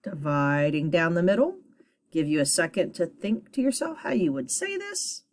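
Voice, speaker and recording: A woman's voice: lowish voice, very animated, normal speed, slight background noise. A woman teacher giving a phonics lesson to children, patiently sounding out syllables and encouraging her students.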